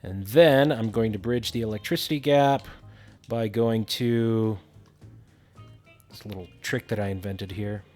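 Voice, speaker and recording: Relaxed man narrating a game tutorial. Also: on the low side, a little slow, pauses often, faint music behind. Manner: relaxed, thinking aloud with fillers. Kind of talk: casual gameplay tutorial narration.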